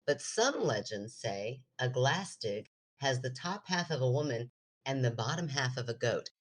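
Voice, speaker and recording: A woman's voice: extremely low pitch, expressive, normal speed. A woman co-hosting a podcast in casual chat, playfully teasing and reading aloud from a book. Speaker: podcast co-host.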